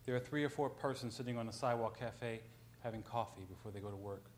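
A man's voice: medium pitch, quick pace, a little hiss or hum. A man on a panel, a writer, telling an anecdote in a conversational way, with frequent ums and self-corrections.

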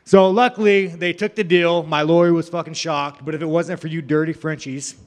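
A man's voice: fairly high pitch, fairly even intonation, brisk. A young man telling a rambling, profane story about himself, laughing at his own jokes. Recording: long hall reverb.

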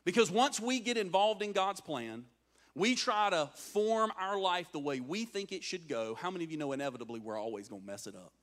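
A man's voice: a little high, a bit bright. A man preaching a sermon, telling a story and acting out its voices, often turning to the crowd with questions. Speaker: pastor.

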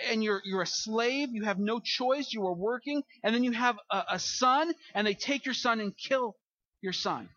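High bright-voiced male pastor preaching. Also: lo-fi sound. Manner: earnest, repeats words and restarts, rises for emphasis. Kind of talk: sermon.

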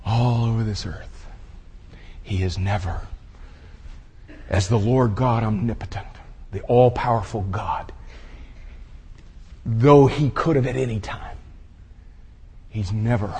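A man preaching a sermon, folksy and direct, swinging from hushed murmurs to loud shouted exclamations. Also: on the low side. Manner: folksy, addresses the audience as y'all and buddy. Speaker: pastor. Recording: husky voice with long hall reverb.

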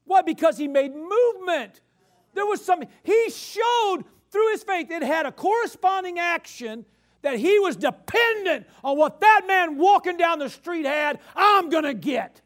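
A male preacher delivering a sermon, emphatic and repetitive, swinging from loud bursts to quiet explaining. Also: very high-pitched, animated, moderate pace.

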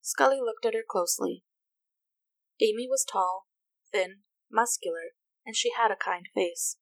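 A woman reading a story aloud as narrator, in an even, unhurried manner. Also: medium pitch, creaky, no echo. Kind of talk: reading fan fiction aloud.

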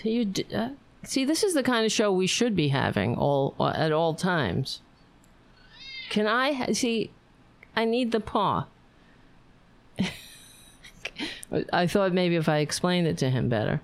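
A woman's voice: on the low side, sing-song, measured pace, creaky, long pauses. A tired woman hosting a casual livestream, chatting in a playful, rambling way. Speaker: livestream host.

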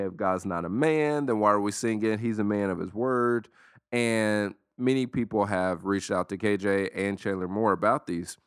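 A man hosting a solo podcast, talking in a casual, emphatic, preachy way and slowing down dramatically to stress words. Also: low-pitched, fairly bright tone, clear, resonant tone, no echo, studio quality. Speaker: podcast host.

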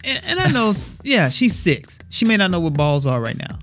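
A man in casual podcast chat, telling lively stories and putting on voices. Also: high-pitched, normal speed. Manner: animated storyteller, mimics voices with laughs. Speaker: podcast guest.

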